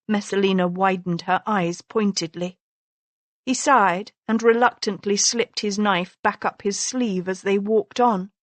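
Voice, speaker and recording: A woman narrating an audiobook novel in a measured, even storytelling manner. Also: medium pitch, no echo. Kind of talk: scripted narration.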